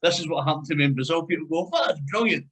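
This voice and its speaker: Male interviewer, chatty, quick to laugh, video-call audio. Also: on the high side, steady tone, fairly bright tone, husky, low-quality recording. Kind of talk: casual chat.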